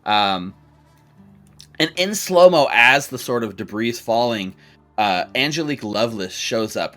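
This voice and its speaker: A man's voice: on the low side, fairly bright tone. A man narrating a tabletop game as game master, loose and full of fillers and restarts.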